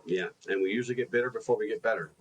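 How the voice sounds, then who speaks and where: A man co-hosting a podcast in casual reflective chat, animated and self-deprecating in his stories, often repeating his words. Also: fairly low pitch, very fast, breathy edge, low-quality recording. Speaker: podcast co-host.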